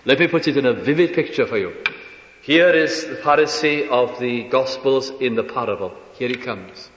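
A man preaching a sermon earnestly, asking rhetorical questions and dropping into soft asides. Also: mid-range voice, animated, normal speed, slight background noise. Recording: dull echoey hall recording.

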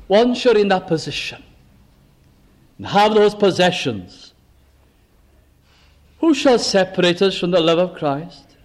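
A man with a high voice preaches at an unhurried, measured pace. He poses rhetorical questions to his listeners and lays out words one at a time. His delivery is deliberate and steady throughout. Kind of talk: sermon.

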